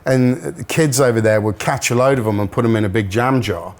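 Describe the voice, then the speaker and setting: A man's voice: medium pitch, a little fast, darkish tone. A middle-aged man, a musician guest telling stories in casual chat and laughing often. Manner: chatty storyteller, laughs often.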